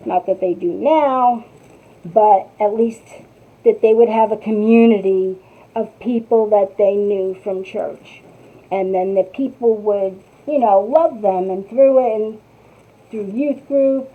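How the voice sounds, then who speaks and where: Slow, rambling New Jersey woman. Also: medium pitch. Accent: North New Jersey. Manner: rambling, chatty, talks to viewers by name. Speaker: craft tutorial host. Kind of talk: casual chat while crafting. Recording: tinny phone-like sound.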